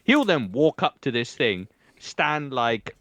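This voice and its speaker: A man's voice: medium pitch, very animated, slow pace, a bit bright, dry recording. A man from England co-hosting a podcast, telling stories in casual chat with lots of swearing and acted-out quotes. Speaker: podcast co-host.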